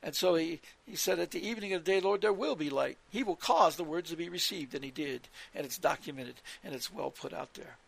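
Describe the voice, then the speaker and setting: A man's voice: fairly high pitch, brisk, vocal fry, few pauses. A man preaching on scripture, repeating his points with emphasis and citing verses as he goes. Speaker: religious radio teacher.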